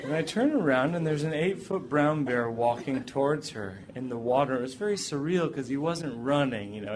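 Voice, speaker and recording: A man performing a comic personal story for an audience, jumping into high voices when he quotes people. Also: animated, moderate pace, hardly any pauses, crowd noise, background noise.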